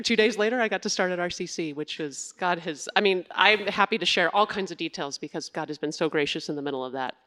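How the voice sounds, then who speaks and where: A woman who serves in family ministry and raises two kids, sharing her faith story in an earnest, reflective way during a church interview. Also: low-pitched. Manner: earnest, reflective, with soft laughs.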